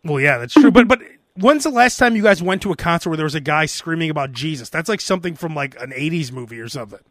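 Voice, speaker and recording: A man with a high, bright voice hosts a loose, joking talk show. He tells stories with lots of energy. The sound is dry and close to the mic. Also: quick pace, dry recording. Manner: animated storyteller, barks out impressions. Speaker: podcast host. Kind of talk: casual comedic chat.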